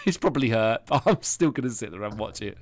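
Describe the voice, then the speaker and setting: A man's voice: medium pitch, big pitch swings, brisk, no room sound. A man in his thirties, telling rambling, sweary stories in a casual podcast chat over an online call. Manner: rambling, sweary storytelling with frequent laughs. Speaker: podcast host.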